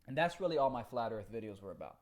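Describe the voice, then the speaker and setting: A man chatting on a live stream, reading out comments and talking in an animated, profane way with frequent laughs. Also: medium pitch, fast talker. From Cuba.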